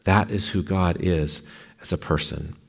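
A very deep-voiced male preacher delivers a sermon. He reads a story aloud with strong emphasis and dramatic pacing. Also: measured pace, gravelly. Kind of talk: sermon with a dramatic book reading.

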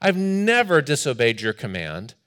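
A man voicing an indignant, faithful elder son who complains loudly and with a sense of grievance. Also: mid-range voice, huge pitch swings, moderate pace. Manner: loud, aggrieved, complaining.

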